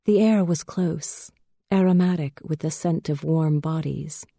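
A woman reading a storybook aloud with slow, measured delivery. Her voice is low and mellow, recorded dry and close. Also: gravelly, no room sound. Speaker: narrator. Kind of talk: scripted storybook narration.

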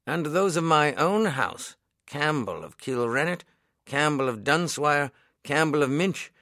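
A man reading the part of an earnest, kindly elderly minister in an audiobook, speaking in a solemn, measured, old-fashioned way. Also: on the high side, lively intonation, pushed and bright, dry recording, clean studio sound.

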